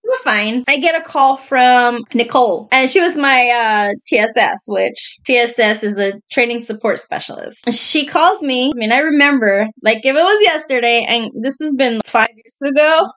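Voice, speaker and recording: A woman with a high voice talks in a chatty, easygoing way, laughing often as she tells the story. She calls her friend "girl" as she goes along. Her delivery is casual and conversational throughout. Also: moderate pace, hardly any pauses, a bit bright. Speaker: podcast co-host.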